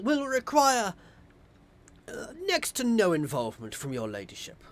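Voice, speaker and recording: A man voicing a stuffy, pompous male ship administrator as he reads video game dialogue aloud in a formal, fussy manner. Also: a little high. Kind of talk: video game voice-over reading.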